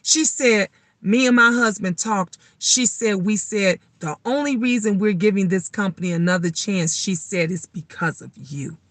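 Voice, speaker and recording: Middle-aged woman, live-chat host; bright and punchy, emphatic, swears often, dry close mic. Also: normal speed, dry recording. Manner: emphatic, swears freely, gets louder and higher when riled up. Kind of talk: casual live chat storytelling.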